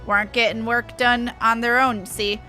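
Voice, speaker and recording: A grumbling, folksy dock foreman from a fantasy game, read aloud by a woman. He clips his words and drops endings, in a bright voice over faint game music. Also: a little high, level tone, moderate pace. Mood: gruff. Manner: folksy, clipped, dropped words. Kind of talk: reading game dialogue aloud.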